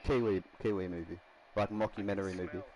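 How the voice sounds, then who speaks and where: A man's voice: low-pitched, steady tone, fast, crowd noise, low-quality recording. A man casually commenting while building a rugby team in a game, rambling and laughing often. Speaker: gaming streamer.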